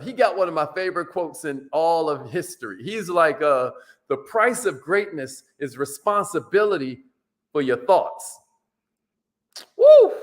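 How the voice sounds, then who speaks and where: A man giving an energetic, preachy motivational talk in casual slang, his pitch swinging up and down. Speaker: motivational speaker.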